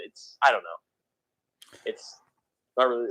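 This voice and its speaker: A man's voice: medium pitch, very animated, slow pace, sharp tone, poor audio. A man co-hosting a casual radio podcast, rambling gloomily with many restarts and fillers, with a faint East Coast accent. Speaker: podcast co-host. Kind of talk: casual chat.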